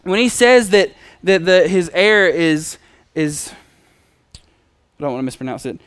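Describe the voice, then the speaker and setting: Male preacher, relaxed conversational sermon, high clear voice. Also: a little slow, dry recording, studio quality. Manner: conversational storytelling with acted quotes.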